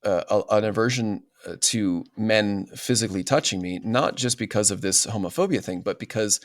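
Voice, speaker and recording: A man's voice: on the low side, normal speed, no echo. A man as a podcast guest, talking in an earnest, explanatory way and often checking in with "right?". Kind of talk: casual interview talk.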